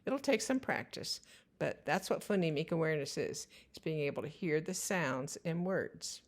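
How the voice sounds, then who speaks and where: A woman giving instructional narration for parents. She talks in a slow, careful way and spells out the sounds of words. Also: low-pitched, expressive. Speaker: teacher.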